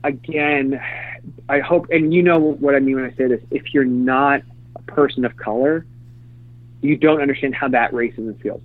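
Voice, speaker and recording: A middle-aged man telling candid stories in a casual interview, rambling with many fillers and restarts. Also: mid-range voice. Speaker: interview guest, former publicist. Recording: dry, phone-like lo-fi sound.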